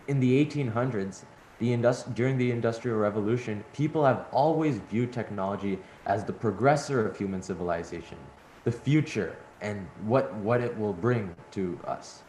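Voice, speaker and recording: Low-voiced rambling man in an echoey room. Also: a little mellow. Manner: rambling, with restarts and fillers. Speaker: event moderator. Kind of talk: responding to a speaker at an online event. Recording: echoey room with faint hum.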